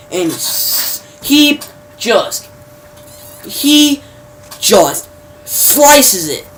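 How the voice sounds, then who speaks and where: A woman casually recapping a TV episode, rambling with many fillers, restarts and mild slang. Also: mid-range voice. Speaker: TV episode reviewer. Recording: distant mic, faint background noise.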